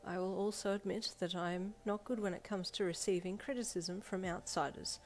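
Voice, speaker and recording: A woman's voice: medium pitch, fairly even intonation, brisk, a little hiss or hum, close to an everyday voice, low-quality recording. A woman reading aloud voices a middle-aged woman principal who speaks formally and apologetically. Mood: apologetic. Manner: formal, apologetic, then tearful and soft.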